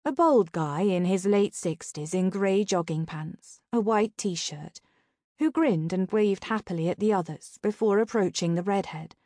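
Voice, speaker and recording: A woman narrating a first-person novel in a dry, deadpan manner. Her voice sits mid-pitch and is recorded close and dry. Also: a little slow, dry recording. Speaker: audiobook narrator.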